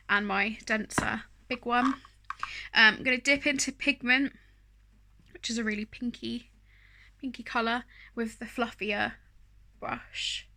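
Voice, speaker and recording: A woman's voice: on the high side, fairly even intonation, a little slow, gravelly, long pauses, bright, forceful tone. A woman chatting casually through a makeup tutorial, rambling and self-deprecating, with plenty of fillers. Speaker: beauty vlogger.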